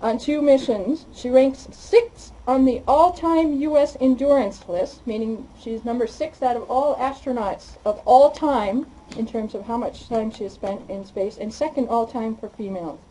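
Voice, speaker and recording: A woman giving a formal introduction of a guest speaker, halting, with frequent fillers. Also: a little high, dark tone, a little hiss or hum, low-quality recording. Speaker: event host introducing a guest.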